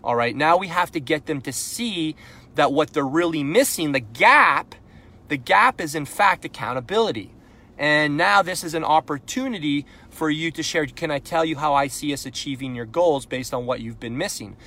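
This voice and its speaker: A man's voice: fairly high pitch, normal speed, fairly bright tone. A man from Canada giving a live sales coaching talk, blunt and punchy, firing rhetorical questions and pushing into frustrated intensity. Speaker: sales coach and podcast host.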